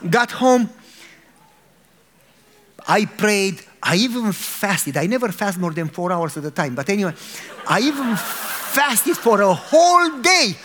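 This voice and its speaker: Speaking at a measured pace in a voice that sits high, this middle-aged Romanian man, a pastor, recounts an amusing personal episode in a sermon. He acts out his frustration with animation and laughter.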